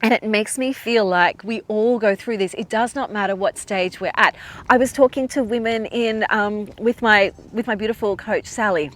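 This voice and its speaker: A woman's voice: mid-range voice, normal speed, a bit bright. A woman hosting a podcast, telling a personal story in a chatty, emotional way with lots of filler words. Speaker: podcast host.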